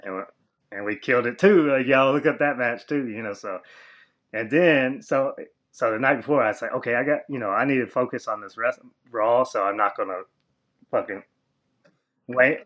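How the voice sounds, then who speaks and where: A man, a former wrestler, telling a long story as a podcast guest, with lots of fillers, and he jumps high and loud when he quotes other people. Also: moderate pace. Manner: rambling, filler-heavy, acts out quoted voices high and loud. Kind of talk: casual storytelling interview.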